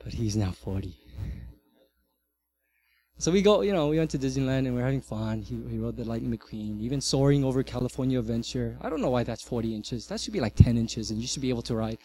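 A man in his thirties, a pastor, preaching a sermon and telling a family story with lively swings from loud to hushed. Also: mid-range voice, fast, a little hiss or hum.

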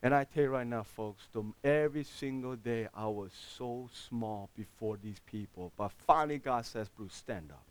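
A man preaching a sermon as pastor, speaking with dropped articles and swinging between loud outbursts and quiet asides. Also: mid-range voice, normal speed, few pauses. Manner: plain broken English with dropped articles.

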